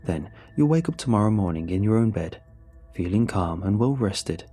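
A man voicing a calm, persuasive male leader of a sinister cult, speaking in a smooth, coaxing way. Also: fairly low pitch, normal speed, faint music behind. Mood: calmly menacing.

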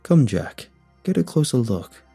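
A man voicing a calm, menacing male secret government agent who delivers threats in a cool, measured way. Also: medium pitch, husky, soft background music, full character voice. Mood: cold, calm.

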